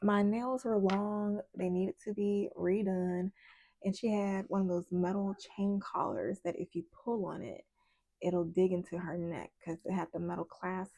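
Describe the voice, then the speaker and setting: A woman tarot reader tells a story in a chatty, animated way. Her voice is gravelly and mellow, and the close mic in a dry room keeps it intimate. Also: medium pitch, a little slow, no echo. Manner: chatty, animated retelling with many asides. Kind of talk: casual storytelling vlog.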